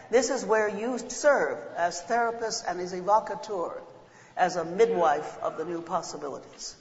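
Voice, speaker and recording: Animated woman lecturing in an echoey hall. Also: medium pitch. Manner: animated storytelling, breaks into chants and voices. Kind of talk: workshop lecture. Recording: echoey hall, dull lo-fi sound.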